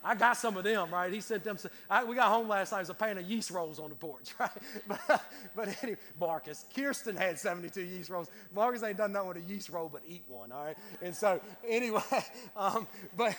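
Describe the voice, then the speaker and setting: A man preaches with a high, bright-pitched voice, trading homey jokes and stumbling repeats as he builds toward his point. His words ring out with a long tail of reverb from a church sanctuary. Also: brisk. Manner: folksy, joking storytelling with repeated words. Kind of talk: sermon.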